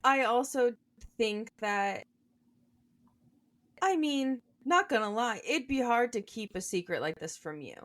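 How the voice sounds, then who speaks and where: A woman's voice: a little high, expressive, unhurried, long pauses, a bit bright, dry recording. A young woman co-hosting a podcast, chatting casually about a book and thinking her points through aloud. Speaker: podcast co-host.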